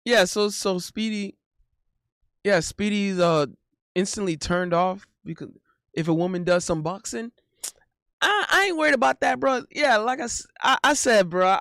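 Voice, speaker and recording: A male streamer chats playfully with his audience, his pitch swooping up and down as he gets animated. He keeps breaking into goofy sound effects between stories. The close mic sounds dry, with no room around it. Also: gravelly, no room sound. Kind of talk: casual stream banter.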